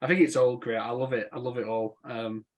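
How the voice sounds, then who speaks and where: Young guy on a movie podcast, excited, swears a bit, normal pitch. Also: brisk. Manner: enthusiastic, laughing, swearing, quotes film lines. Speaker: podcast co-host. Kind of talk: casual film chat.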